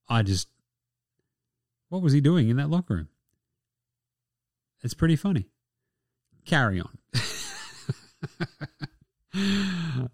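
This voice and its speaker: A man's voice: medium pitch, darkish tone, dry recording, clean studio sound. Profane, jokey Australian man. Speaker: podcast host. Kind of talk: casual sports chat.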